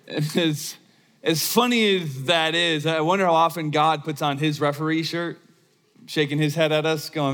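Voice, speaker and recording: A man's voice: a little high, fairly even intonation, normal speed, a bit bright. A man preaching a sermon as pastor in a church, talking conversationally and often restarting his sentences. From United States. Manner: conversational, storytelling with frequent restarts. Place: church auditorium. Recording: long reverb of a church hall.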